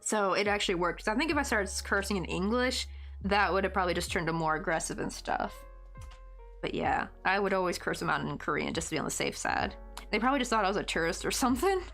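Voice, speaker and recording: A woman's voice: medium pitch, lively intonation, quick pace, fairly bright tone, soft background music. Chatty woman with a light Southern accent. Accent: light West Tennessee Southern. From Tennessee, United States. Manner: chatty, rambling, lots of "like" fillers. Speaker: crochet livestream host. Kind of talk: casual chat while crocheting.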